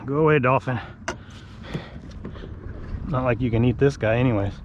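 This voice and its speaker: A man filming himself from a kayak at night, excitedly commenting while fighting big fish, on a head-mounted camera. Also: mid-range voice, moderate pace, highs cut off, background noise. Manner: excitable, exclaiming, shaky with excitement. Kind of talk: live fishing commentary.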